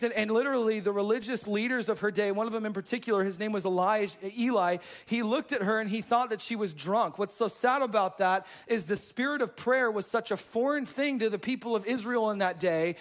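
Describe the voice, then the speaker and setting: A high-pitched male pastor preaching a sermon in a conversational way. He drops casual slang and moves between soft, hushed stretches and fired-up emphasis. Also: a little fast, hardly any pauses. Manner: casual slang like "man" and "dude".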